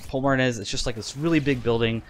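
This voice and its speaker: A man's voice: medium pitch, steady tone, fast. A man in his twenties talking casually to viewers in a rambling vlog, with lots of fillers and restarts. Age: 20s. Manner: rambling, many fillers and restarts, laughs often. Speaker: gaming YouTuber. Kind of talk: casual vlog talk over gameplay.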